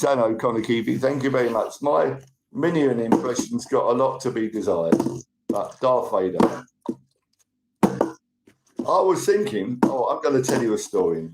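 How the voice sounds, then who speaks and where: A middle-aged man, hosting a rambling live stream and greeting and thanking viewers. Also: mid-range voice. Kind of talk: casual live-stream chat. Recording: roomy room with faint noise.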